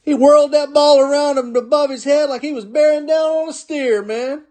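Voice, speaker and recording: A man's voice: extremely high pitch, steady tone, a little mellow. A man hosting a sports card break, calling out each card as he opens packs in an upbeat, chatty way, often chuckling. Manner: upbeat, calls out names in quick bursts, chuckles often. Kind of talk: live card-opening commentary.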